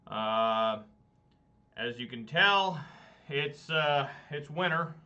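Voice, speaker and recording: A man's voice: a little high, lively intonation, extremely slow, bright, forceful tone. A chatty man with a slightly raised voice talks his way through a card game stream, rambling and poking fun at himself. The sound is dull and lo-fi, like a cheap home desk mic. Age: adult, married. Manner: rambling, self-deprecating, chatty. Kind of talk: casual gameplay commentary.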